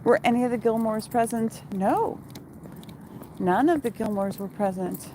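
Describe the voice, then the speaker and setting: A woman's voice: a little high, expressive, a little slow, warm tone, slight background noise, low-quality recording. Chatty woman vlogging on a night walk. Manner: chatty, swears casually, laughs often. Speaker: vlogger and former TV costumer. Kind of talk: casual chat while walking dog, reading viewer questions. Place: outdoors on a town street at night.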